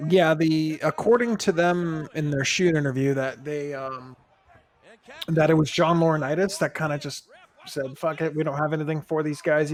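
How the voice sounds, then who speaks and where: A man co-hosting a podcast, telling stories in casual chat. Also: on the high side. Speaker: podcast co-host.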